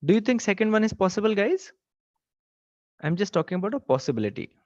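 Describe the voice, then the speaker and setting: A man's voice: high voice, big pitch swings, fast, a little mellow, no room sound. A man teaching a live online class, often checking in with his students and repeating "okay" and "right". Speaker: online exam-prep teacher. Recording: dry, slightly dull webcast audio.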